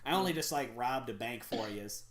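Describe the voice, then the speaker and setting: A man's voice: mid-range voice, expressive, a little fast, roomy sound, a little hiss or hum. A man playing a tabletop game, talking brashly with swearing and laughter. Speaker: player.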